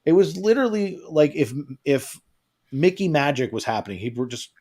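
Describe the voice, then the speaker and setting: A man chatting on a live travel stream, and his voice runs a little high. He swings widely in pitch as he spins stories and mimics the people in them. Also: moderate pace. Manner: animated storytelling, acts out quotes. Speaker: co-host of a travel show. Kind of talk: casual livestream chat.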